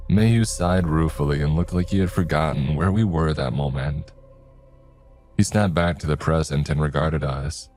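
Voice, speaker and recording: A man reading a horror story aloud in a steady first-person narration. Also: very deep voice, moderate pace. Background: faint music.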